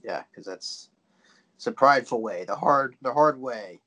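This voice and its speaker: A man's voice: mid-range voice, animated, moderate pace, pushed and bright, dull audio. A man co-hosting a podcast in loose, casual banter, swearing easily. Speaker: podcast co-host. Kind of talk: casual chat.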